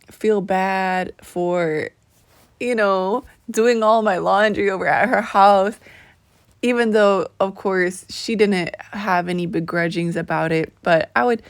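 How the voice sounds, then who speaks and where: A young woman from the southern United States chats to camera in a casual storytelling way. She is animated and laughs easily, jumping up in pitch when she acts out what others said. The sound is dry and close. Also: no echo. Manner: animated, laughing, acts out quoted friends with high bright pitch. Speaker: vlogger.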